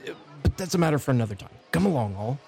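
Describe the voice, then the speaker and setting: A flamboyant, self-promoting explorer as a man puts him on bursts with delight in a high, strained voice that sits well above a normal male range. He is loud, bright and theatrical, and he never misses a chance to praise himself. This is a role-play voice from a tabletop game. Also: sing-song, very fast, vocal fry, soft background music, some chatter behind. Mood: salesy. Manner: effusive showman who plugs his own books. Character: excitable, pompous middle-aged male explorer and author.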